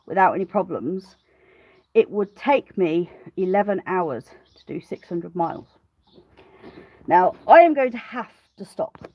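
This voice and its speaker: Standing outdoors by her car on her smallholding, a woman vlogger chats casually on a live stream, rambling, laughing often and greeting viewers by name. Her voice sits in the mid-range, and the recording is muffled with no echo.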